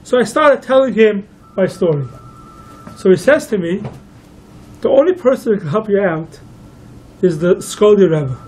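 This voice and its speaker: A man's voice: sits high, expressive, moderate pace, pauses often, a little mellow, slight background noise, rough recording. A man, a rabbi, telling a long story to listeners and quoting each figure in turn. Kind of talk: storytelling talk.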